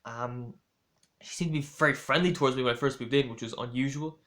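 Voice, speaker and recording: A man's voice: mid-range voice, fairly even intonation, brisk, a bit bright. A young man rambling through a casual storytelling monologue with lots of fillers and restarts. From Ireland. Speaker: vlogger.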